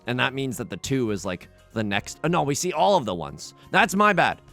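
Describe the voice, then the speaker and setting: A man's voice: mid-range voice, big pitch swings, brisk, creaky, pushed and bright, soft background music. Young guy rambling over his game, lots of restarts, voice bounces up and down. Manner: rambling, self-interrupting, frequent restarts. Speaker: let's play host. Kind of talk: casual game commentary.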